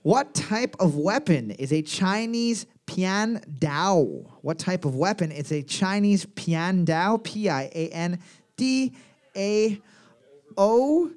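A man with a notably high voice plays quizmaster in a loose, joking chat with a friend. He reads each question out with deliberate emphasis and often breaks into laughter between them. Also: animated, a little mellow. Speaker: quiz host. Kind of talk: casual chat, reading trivia questions.

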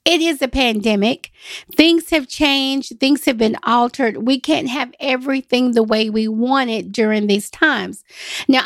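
A woman hosting a travel podcast in a lively, emphatic, chatty way. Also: fairly high pitch, creaky, no echo, studio quality. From United States. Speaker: podcast host and travel agent. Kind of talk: solo podcast talk.

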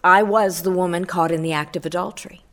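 A woman's voice: on the low side, steady tone, quick pace. A middle-aged woman giving a fervent spoken testimony on a radio program, quoting scripture and swelling on key phrases.

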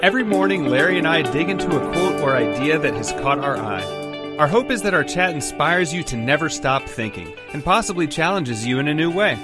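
A man reading a scripted podcast introduction in an even voice. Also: fairly high pitch, brisk. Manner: even, read-out welcome. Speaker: podcast host. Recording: intro over loud guitar music.

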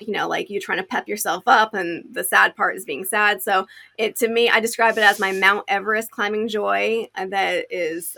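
A woman's voice: mid-range voice, gravelly, pushed and bright. A young adult woman telling her story as an interview guest, chatty, with many restarts and fillers. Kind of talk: conversational storytelling.

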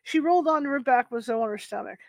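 A woman narrating an audiobook in a steady reading voice, with occasional slips and restarts. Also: on the high side, quick pace, no room sound.

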